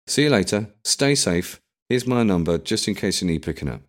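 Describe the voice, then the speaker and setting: A man's voice: fairly low pitch, expressive, normal speed, voice pushed up, lightly acted. A man voicing a friendly, practical young woman in an audiobook reading. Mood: cheerful.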